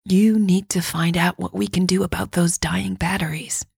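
A woman narrator voicing a soft-spoken, urgent soldier woman in hushed, half-whispered lines. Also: lowish voice, fairly even intonation, moderate pace, gravelly, slightly rough, no room sound, studio quality, full character voice. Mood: soothing.

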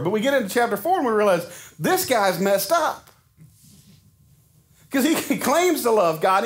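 A man preaching a sermon in a conversational way, often putting rhetorical questions to his congregation. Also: sits high. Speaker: pastor.

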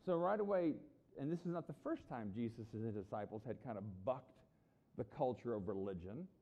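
A middle-aged pastor preaches a sermon in a conversational, animated style, acting out the voices of people he quotes. He has a medium pitch and talks fairly quickly, and the audio has its highs cut off.

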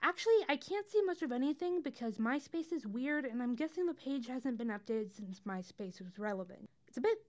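A woman's voice: sits high, expressive, fairly quick, few pauses, a little mellow. A young woman hosting a podcast, talking casually with wry asides and frequent tangents. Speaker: podcast host. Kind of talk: casual scripted podcast monologue.

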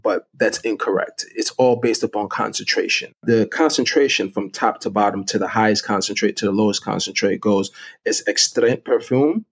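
A middle-aged man with a somewhat low voice, talking as an interview guest. He walks through each point step by step in a chatty, lively way and sounds comfortable in the conversation. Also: fairly quick, gravelly, hardly any pauses, slightly rough. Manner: explains step by step, chatty and animated. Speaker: guest fragrance expert. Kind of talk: casual interview talk.

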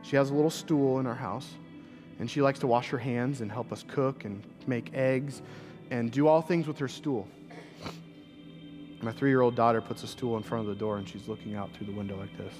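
Speaking at a normal speed with fairly even intonation, a pastor in his thirties earnestly delivers a sermon over soft background music. His voice swells into repeated, emphatic lines and falls low and quiet for a personal story.

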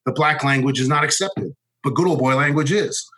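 A former Marine officer telling a personal story in a candid, halting way, restarting sentences and swearing bluntly. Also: male voice, fairly high pitch, a bit bright, rough recording.

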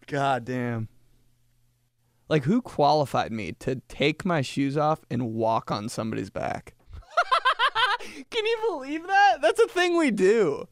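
A young man hosting a podcast, riffing through a casual comedic monologue, laughing often and jumping into high put-on voices when he quotes people. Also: big pitch swings, measured pace, pauses often, a bit bright, no room sound, studio quality. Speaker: podcast host.

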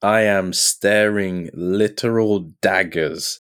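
A man, an actor guest on a podcast in a pub, telling lively anecdotes and acting out what others said. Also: low-pitched, slow, smooth. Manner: lively storyteller who acts out quoted lines.

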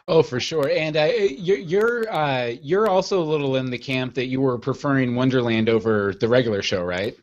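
A man hosts a casual podcast chat at a middle pitch. He talks hesitantly, restarting his sentences, and steers the talk with questions. The sound is dull and lo-fi. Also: moderate pace, few pauses. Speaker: podcast host. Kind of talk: casual group discussion.

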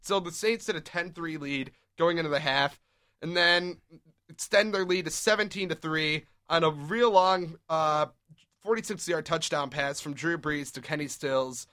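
A man's voice: fairly high pitch, pushed and bright. Upbeat young man hosting sports talk. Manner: upbeat, leads the conversation with quick recaps. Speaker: podcast host. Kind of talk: casual sports talk show.

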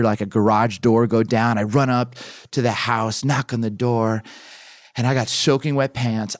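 A man in his thirties, a pastor and author, guesting on a podcast and telling a personal story with lively acted-out bits. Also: fairly low pitch, no room sound, studio quality. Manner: animated storyteller who acts out his own past lines.

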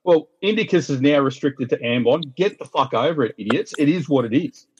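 A man's voice: mid-range voice, expressive, brisk, lo-fi sound, a little hiss or hum. An Australian man ranting bluntly and swearing constantly as a guest on a casual podcast call.

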